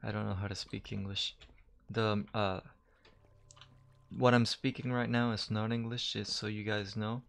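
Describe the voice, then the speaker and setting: A gamer with a fairly low, level voice, a bit bright with vocal fry, gives measured, casual let's-play commentary. He jokes at his own expense and swears when startled, recorded on a desk mic while wearing headphones.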